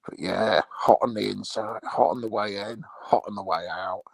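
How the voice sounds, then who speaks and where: A man doing a gravelly crude English bloke. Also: on the low side, moderate pace, no room sound. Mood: rambling crude. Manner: rambling, foul-mouthed, crude. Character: crude boastful rambling English bloke, lewd loudmouth. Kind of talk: comic character monologue.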